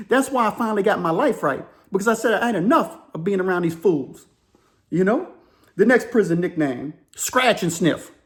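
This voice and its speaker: A man, a former prisoner hosting his channel, telling stories in an animated, rambling way. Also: high voice. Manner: animated, rambling, many "you know"s. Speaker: YouTube host, former prisoner. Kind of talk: casual storytelling.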